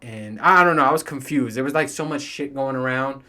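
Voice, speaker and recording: A man's voice: medium pitch, a little fast, pushed and bright. A man in his thirties talks to the mic on his own, loose and unscripted. He rambles, swears freely and breaks into laughter between thoughts, the easy voice of a solo podcast host. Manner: rambling, profane, laughs often. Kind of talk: casual monologue.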